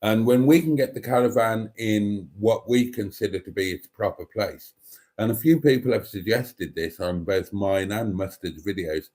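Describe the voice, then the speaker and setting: A man with a voice on the lower side hosts a relaxed livestream. He rambles casually, stumbling over restarts and filling gaps with ums. He talks in a chatty way while reading out viewer comments. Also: moderate pace. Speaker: YouTube channel host.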